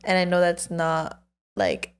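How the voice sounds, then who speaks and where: A woman's voice: fairly low pitch, big pitch swings, slow, clear, resonant tone. A woman in her twenties co-hosting a podcast, telling stories in a loose, swearing, filler-heavy way. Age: 20s. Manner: storytelling with frequent swearing and fillers. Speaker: podcast co-host. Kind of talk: casual chat.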